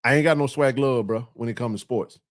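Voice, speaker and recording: A man's voice: mid-range voice, a little fast, no echo, studio quality. A man hosting a casual sports chat, talking emphatically and repeating himself in playful trash talk.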